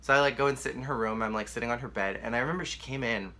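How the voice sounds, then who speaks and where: A man's voice: medium pitch, rapid-fire, bright, forceful tone. A young man candidly telling a painful personal story to the camera, emotional and rambling, with lots of "like.". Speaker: vlogger.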